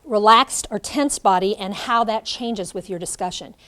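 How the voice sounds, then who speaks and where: Animated woman giving a classroom lecture. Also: medium pitch, normal speed. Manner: animated, demonstrates by acting out lines. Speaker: teacher educator.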